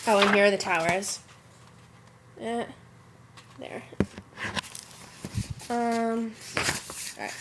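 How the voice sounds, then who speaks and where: A woman's voice: mid-range voice, drawn-out words, long pauses, heavy background noise. Congested teen girl rambling on. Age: teens. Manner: rambling, chatty, easily sidetracked. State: sick and congested. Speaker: vlogger. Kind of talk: casual chat to camera. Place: her bedroom.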